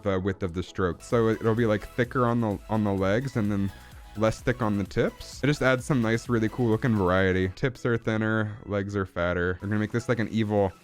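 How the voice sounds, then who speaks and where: Speaking briskly in a fairly low voice, this streamer chats his way through a digital drawing. Faint music plays behind him as he clowns around in a fake accent, full of mock-grand flourishes and silly noises.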